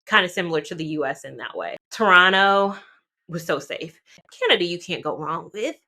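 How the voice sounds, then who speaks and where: A woman from North Carolina chatting casually to camera as a travel vlogger, animated and talking straight to her viewers. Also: fairly low pitch, moderate pace. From North Carolina, USA.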